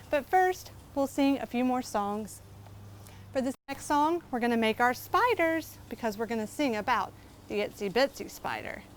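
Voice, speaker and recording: A woman leading a children's storytime as a librarian, speaking clearly and encouragingly as she guides the children through movement. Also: fairly high pitch, a little hiss or hum. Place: garden outdoors.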